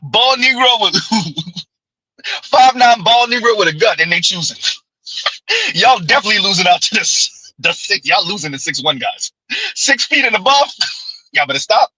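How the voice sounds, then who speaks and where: A man's voice: high voice, animated, a little slow, pauses often, pushed and bright, slightly rough, dry recording, low-quality recording. A man giving a ranting commentary vlog, blunt and preachy, with sarcastic laughs and rhetorical asides. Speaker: commentary vlogger.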